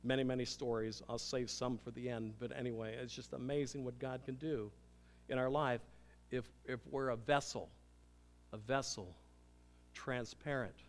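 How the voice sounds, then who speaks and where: An older man, a pastor, preaching a sermon with emphatic swings between loud declarations and hushed, intimate moments. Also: mid-range voice, steady tone, normal speed. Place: church sanctuary. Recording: long hall reverb.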